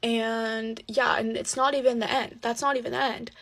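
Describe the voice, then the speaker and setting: A woman's voice: a little high, flat delivery, moderate pace, vocal fry, a bit bright. A woman telling a personal story in casual chat, candid and swearing freely with plenty of fillers.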